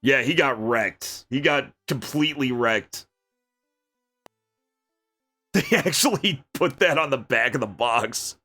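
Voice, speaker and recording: Man, livestream game commentary, lively swooping voice, reads dialogue aloud, soft music behind. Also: mid-range voice, slow, long pauses. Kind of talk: let's play commentary.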